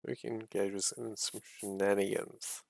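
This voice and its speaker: A man's voice: fairly low pitch, level tone, normal speed, vocal fry, no echo. A man casually reading a narrative game aloud and musing about it as he goes, swearing freely. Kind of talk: casual playthrough commentary.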